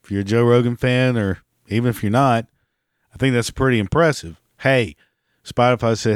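A man's voice: medium pitch, steady tone, moderate pace, clear, resonant tone, dry recording, clean studio sound. A man, hosting a podcast in a sarcastic, profane, mocking rant. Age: 40s. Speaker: podcast host. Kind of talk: casual ranting monologue.

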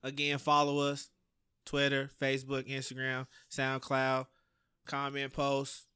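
A man hosting a podcast, giving upbeat shout-outs and signing off the show. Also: medium pitch, completely flat delivery, unhurried, smooth, dry recording. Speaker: podcast host. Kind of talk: casual chat.

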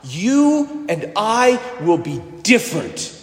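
In a church, a priest delivers a sermon slowly in a voice that's high for a man and swings widely in pitch. He's lively, conversational and humorous, hammering points home through repetition. The roomy sound leaves a long reverb trailing each phrase.

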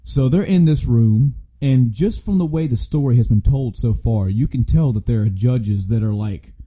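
A man co-hosting a podcast, retelling a game story in a casual, animated way with plenty of swearing and restarts. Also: medium pitch, moderate pace, rough recording. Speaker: podcast co-host.

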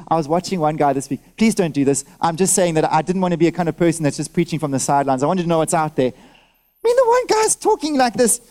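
A man preaching a sermon to his church, lively and direct, throwing out rhetorical questions and asking the congregation for nods and amens while wearing a mask. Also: sits high. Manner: talks directly to listeners, asks for nods and amens. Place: church service.

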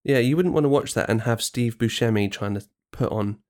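A man co-hosting a podcast in casual chat, chatty and quick to agree, often restarting his sentences. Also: mid-range voice, a little mellow. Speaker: podcast co-host.

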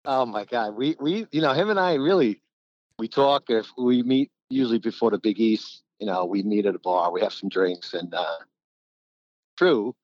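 A man's voice: on the low side, normal speed, dry recording, highs cut off. An older man, a former basketball player telling rambling stories in a casual interview, acting out old quotes. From New Jersey. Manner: rambling, animated, acts out quotes. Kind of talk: casual storytelling.

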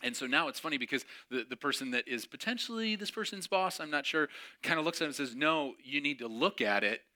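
A man's voice: on the high side, expressive, quick pace, sharp tone. A middle-aged man preaching a sermon as a casual, self-mocking story, acting out the other people's lines and laughing at his own jokes. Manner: chatty, self-mocking, acts out dialogue with laughs. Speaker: pastor.

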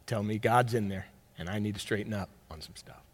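Male pastor, sermon, animated storytelling, loud then hushed, long hall echo. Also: fairly low pitch, brisk.

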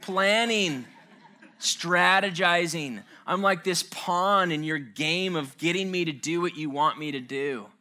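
A man voicing his wife, who flatly accuses him of scheming instead of listening. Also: fairly high pitch, slow pace. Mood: accusing. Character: exasperated wife accusing her husband.

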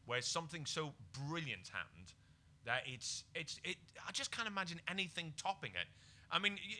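A British man, a comedian guest, telling a comic story on a podcast, jumping between quiet mutters and excited bursts. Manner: animated, swings from low mutters to excited bursts.

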